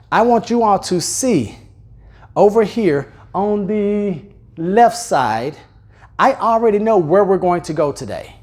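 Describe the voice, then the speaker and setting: Energetic man teaching a live seminar. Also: high voice. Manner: energetic, speeds up and slows down, louder and softer on purpose; addresses the audience directly with questions. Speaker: real estate sales trainer. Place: training room with a live audience.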